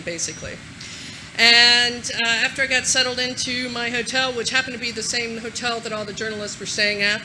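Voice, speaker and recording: Lively woman giving a conference talk. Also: a little high, noisy background. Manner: energetic, casual, swears freely. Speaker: conference speaker. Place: conference hall with audience.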